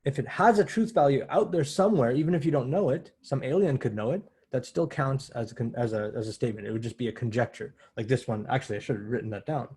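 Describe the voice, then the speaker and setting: A man's voice: medium pitch, fast, few pauses, warm tone, breathy edge. A man giving a university math lecture in a conversational way, often correcting himself as he explains step by step.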